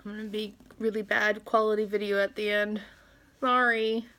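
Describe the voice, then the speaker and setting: A woman's voice: medium pitch, level tone, normal speed, bright, forceful tone. A woman in her thirties venting to her phone camera in a personal vlog, emotional, close to tears and laughing between words. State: close to tears, trying to hold it together. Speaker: vlogger.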